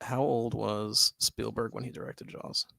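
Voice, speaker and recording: A young man co-hosting a podcast, chatting loosely and excitedly, swearing freely and filling with "like" and "dude". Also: fairly low pitch, a little slow, creaky, dry recording. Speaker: podcast co-host. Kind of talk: casual chat. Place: home studio, live stream.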